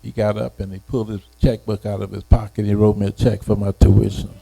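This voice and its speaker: An elderly man in his eighties recalls his past in an interview, his voice gravelly and very dark. He talks unhurriedly and haltingly, often circling back over his words. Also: fairly low pitch, flat delivery, rough recording. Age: 80s. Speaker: retired educator being interviewed. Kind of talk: reminiscing personal story.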